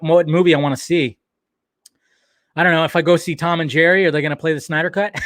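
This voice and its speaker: A man hosting a live stream, ranting in an excitable way. He swears often and laughs at himself. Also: fairly high pitch.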